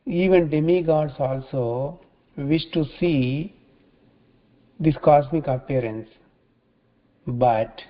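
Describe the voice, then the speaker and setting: A man teaching scripture in a religious talk, halting often and repeating phrases as he restarts. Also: fairly high pitch. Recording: dull lo-fi recording.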